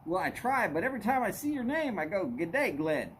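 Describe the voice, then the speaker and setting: A man's voice: very high-pitched, big pitch swings, fast, fairly bright tone, a little hiss or hum. A man hosting a casual livestream, chatting with viewers and greeting them by name. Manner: greets viewers by name, folksy drawl, y'all. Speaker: livestream host.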